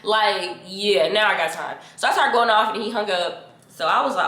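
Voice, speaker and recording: A young woman, telling a story to her viewers in a casual, animated and slangy way. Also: medium pitch, moderate pace, a little hiss or hum. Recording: roomy echo.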